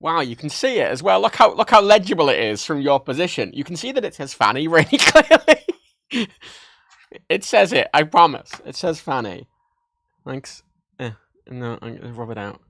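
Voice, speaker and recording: A man hosts a livestream from his home desk, fairly high-pitched and very animated as he jokes and rambles. His excitable show-and-tell chatter swings up and down constantly. The sound is close and dry, with no room echo. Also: normal speed. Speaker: livestream host. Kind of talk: casual livestream chat.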